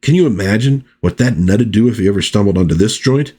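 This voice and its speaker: A man's voice: fairly low pitch, animated, fast talker, mellow. A man hosting a casual comic book review vlog, chatty and easygoing. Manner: chatty with frequent fillers and restarts.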